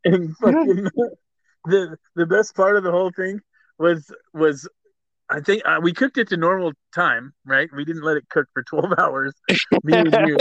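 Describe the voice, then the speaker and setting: A man in casual chat, animated and profane, cutting in to tell the story his way. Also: on the high side, normal speed, dry recording, highs cut off. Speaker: podcast regular.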